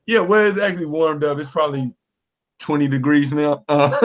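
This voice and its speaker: A man's voice: fairly high pitch, moderate pace. A man joining a casual group video call, joking around and using laid-back slang. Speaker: guest on a hangout. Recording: dull, muffled video-call audio.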